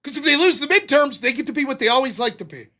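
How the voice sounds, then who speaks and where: Heated, profane political ranter, high voice. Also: male voice, animated, fast, sharp tone. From United States. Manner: sarcastic, profane, heated ranting. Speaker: political talk show host. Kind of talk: livestream political rant.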